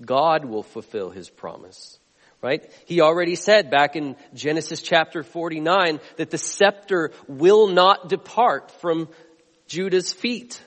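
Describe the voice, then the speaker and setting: A man preaching a sermon as a pastor, earnest, swinging between loud emphatic lines and quiet ones. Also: a little high, measured pace, in a large hall.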